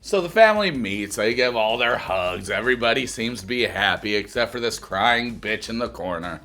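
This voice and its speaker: A man hosting a comedic reality-show recap, crude and mocking, often breaking into shouted rants. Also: lowish voice, expressive, moderate pace. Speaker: reaction video host.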